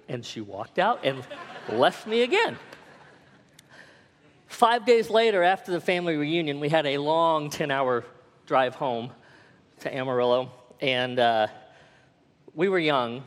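A man's voice: mid-range voice, moderate pace, in a large hall. A man telling a humorous personal story to an audience, self-deprecating with comic timing.

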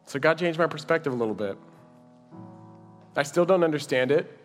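A man's voice: on the high side, animated, brisk. A man preaching an earnest, personal sermon and leading a closing prayer in a church. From Dallas. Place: church sanctuary. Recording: reverberant hall with music behind.

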